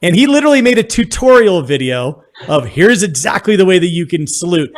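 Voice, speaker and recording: A man's voice: high voice, sing-song, fairly quick, few pauses. A man hosting a live stream, talking in an upbeat, conversational way. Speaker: host.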